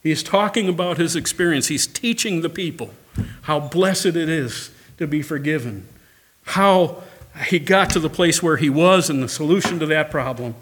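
A man's voice: fairly high pitch, moderate pace, a bit bright, breathy edge. A male pastor preaching a sermon, emphatic, repeating phrases and calling for amens.

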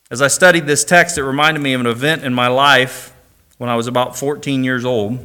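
A man's voice: medium pitch, steady tone, a little fast, sharp tone, smooth. A middle-aged man from Indiana preaching a sermon, reading scripture and then telling a personal story with dry humor. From Indiana, USA.

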